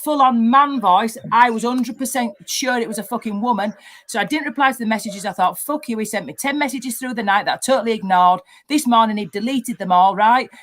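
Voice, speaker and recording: A woman hosting a livestream rants angrily, swearing freely and circling back over her own words. Her voice sits a bit high for a woman, and she talks in loose casual chat. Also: a little fast, fairly bright tone. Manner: angry, swearing, rambling rant. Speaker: livestream host.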